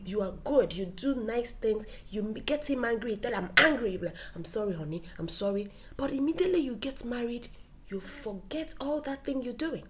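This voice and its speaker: Animated woman giving warm-hearted relationship advice. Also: medium pitch, slight background noise. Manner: animated, dips into soft whispers for emphasis; acts out quoted dialogue in playful voices. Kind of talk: casual advice talk to camera.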